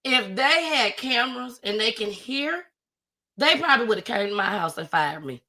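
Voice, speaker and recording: A woman's voice: on the high side, expressive, normal speed, bright, forceful tone. A woman, telling a story in a casual live-stream chat and acting out her own panicked cries. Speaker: storyteller guest.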